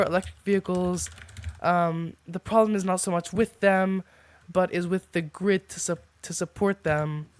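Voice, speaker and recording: A man's voice: sits high, clear, resonant tone, no room sound. A man hosting a podcast, talking casually and often restarting lines as he reads his notes. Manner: stumbling, restarts lines while reading notes. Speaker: podcast host.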